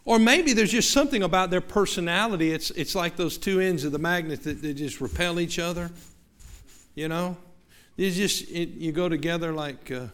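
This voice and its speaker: This man from the American South is a pastor preaching to his congregation, his Southern-accented voice on the high side and fairly bright, at a moderate pace. He often starts words over and addresses the listeners in asides.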